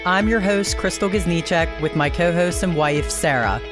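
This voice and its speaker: Woman, podcast host, scripted intro, measured, lowish voice, guitar music behind.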